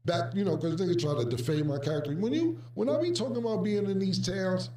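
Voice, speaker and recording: A man telling a casual anecdote, animated and profane, acting out the voices of the people he quotes. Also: sits high, fast. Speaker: storyteller recounting music business past. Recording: roomy, distant mic.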